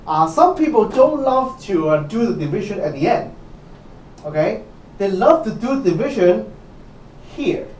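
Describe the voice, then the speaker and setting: A university lecturer with a high-sitting, darkish voice teaches programming in a lecture hall. He is repetitive, says "okay" constantly to check understanding, and quizzes his students, with the distant mic picking up the hall's echo.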